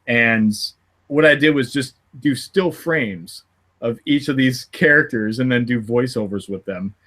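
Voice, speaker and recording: A man's voice: medium pitch, measured pace, fairly bright tone. A man hosting a podcast in casual chat, laughing often and rambling with restarts. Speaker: podcast host.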